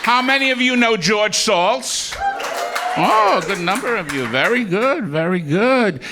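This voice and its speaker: A man's voice: sits high, lively intonation, unhurried, noisy background. A man doing a stand-up comedy set on a comedy club stage, telling self-mocking jokes and chuckling through his punchlines.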